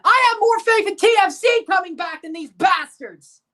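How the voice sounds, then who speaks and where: A woman streaming a sports watchalong, ranting with profanity and sarcasm and bursting into shouts. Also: very high-pitched, normal speed. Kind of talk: live sports reaction rant.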